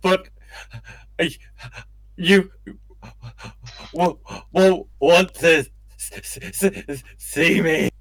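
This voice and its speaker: A man voicing a grieving, scarred male dwarf warrior who stammers out halting pleas. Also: a little high, fairly even intonation, a bit bright, voice pushed up, exaggerated voice. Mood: distraught.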